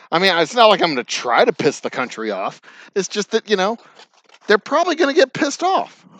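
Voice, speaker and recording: A man's voice: sits high, big pitch swings, moderate pace, fairly bright tone, no room sound. A man with a Texan accent chatting casually and profanely while bottling whiskey on a distillery floor, joking and counting cases aloud. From Texas. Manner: rambling, joking, profane, counts aloud under his breath. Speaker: distiller and livestream host. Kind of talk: casual rambling chat while working.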